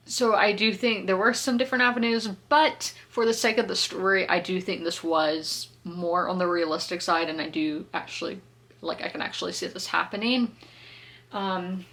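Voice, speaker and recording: A woman's voice: medium pitch, creaky, fairly bright tone. A woman, chatting casually through a book review, laughing often and correcting herself as she goes. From South Carolina, US. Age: 20s. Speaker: book vlogger.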